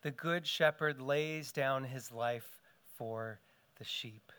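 A man's voice: medium pitch, takes it slowly, bright, forceful tone, clean tone. A middle-aged man preaching a sermon as pastor in an earnest style, his voice rising and falling for emphasis.

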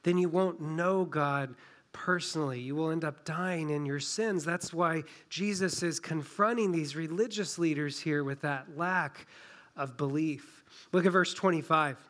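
A man with a fairly high voice preaching in a relaxed, conversational way while pressing hard on key points. He sounds like a pastor talking through a passage with his own congregation in a small-town church. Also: a little slow. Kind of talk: sermon.

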